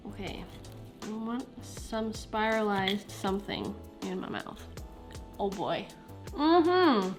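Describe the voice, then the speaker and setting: A woman's voice: medium pitch, takes it slowly. A young woman giving a chatty, laid-back cooking voiceover for her vlog, often saying "like". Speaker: cooking vlogger. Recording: faint music behind.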